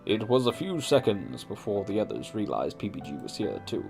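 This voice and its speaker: A low-voiced man with a gravelly, creaky edge and lively pitch reads a visual novel aloud. He breaks in with wry, sweary asides at his own slips, and faint game music plays behind him. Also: normal speed, hardly any pauses. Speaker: let's play host. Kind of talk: casual visual novel read-through.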